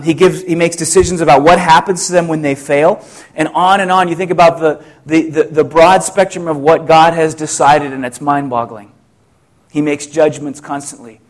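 Middle-aged guy preaching, kinda high voice, asks lots of questions, restarts a lot. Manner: reflective, rhetorical questions, many restarts. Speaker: pastor. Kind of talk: sermon.

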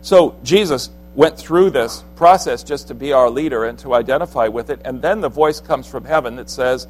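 An earnest man preaches in a conversational, unpolished way. His voice sits in an ordinary middle pitch. Faint music plays behind him. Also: normal speed, hardly any pauses, low-quality recording. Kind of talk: sermon.

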